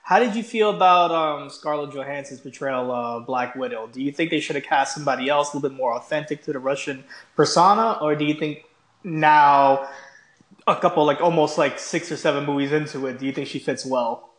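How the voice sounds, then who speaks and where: A man's voice: a little high, brisk, a bit bright, roomy sound. A man co-hosting a podcast, chatting earnestly and calling his partner "bro". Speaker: podcast co-host. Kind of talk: casual chat.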